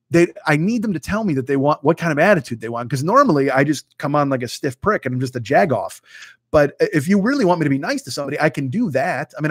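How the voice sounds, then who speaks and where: A man's voice: on the high side, no echo. A man in his fifties hosting a casual livestream from a home studio, chatting with viewers in a profane, rambling, self-mocking way. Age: 50s. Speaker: host. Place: home studio with green screen.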